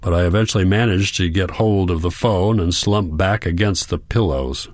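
Deep-voiced man reading an audiobook. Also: normal speed, few pauses, dry recording, studio quality. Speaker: audiobook narrator. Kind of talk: first-person audiobook narration.

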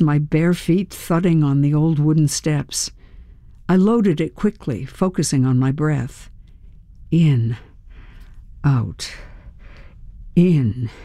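A narrator reading a tense first-person story aloud in a measured, storytelling manner. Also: medium pitch, dark tone, no echo, clean studio sound. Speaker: audiobook narrator.

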